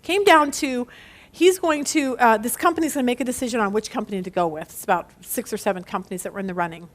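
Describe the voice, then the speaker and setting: A middle-aged woman leading a women's Bible study, chatty and animated, laughing at herself as she teaches. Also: on the high side, fast.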